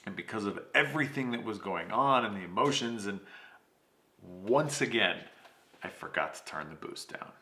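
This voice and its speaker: A man with a low, gravelly voice and a bright, forceful edge tells a story on his podcast. He talks casually, swears freely and acts out the lines of the people in it. The sound is echoey, as if recorded in a bare room. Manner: animated, swears, acts out quotes. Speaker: podcast host.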